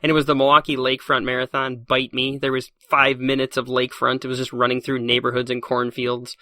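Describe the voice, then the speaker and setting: A man telling stories in a casual podcast interview as a guest, animated and laughing often. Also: mid-range voice, no echo, clean studio sound. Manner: fast, animated storyteller who laughs often. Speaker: podcast guest, science teacher.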